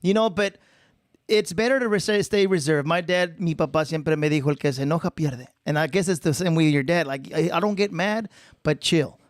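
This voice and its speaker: A podcast host from Texas chats casually, moving freely between English and Spanish. His voice sits a bit high for a man. The sound is dry and close. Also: a little fast, no room sound. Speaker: podcast host, mariachi musician. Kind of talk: casual bilingual chat.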